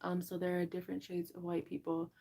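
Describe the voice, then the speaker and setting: A young woman hosting a casual livestream chat, talking straight to her viewers in an animated way and laughing often. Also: on the low side, brisk, gravelly. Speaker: livestream host.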